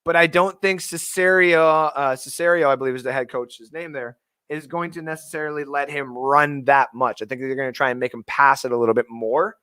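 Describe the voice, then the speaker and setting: A man's voice: mid-range voice, fairly even intonation, fairly quick, sharp tone, smooth, no room sound, studio quality. A man hosting a fantasy football show, ranting emotionally and swearing freely as he gives his picks. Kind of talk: live sports talk stream.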